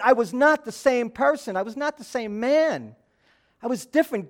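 A male pastor delivers a sermon in a high voice, chatting with the congregation and often asking "right?" and "you know". He repeats himself as he gathers his thoughts.

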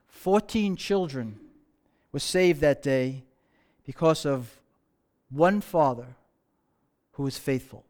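A man preaching a sermon, telling a story with slow dramatic pauses and dropping to soft tones. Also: high-pitched, clean tone.

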